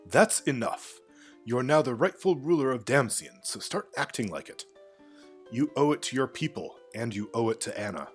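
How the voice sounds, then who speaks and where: A man's voice: fairly low pitch, expressive, a little fast, soft background music, lightly acted. Man reading an earnest young knight hero.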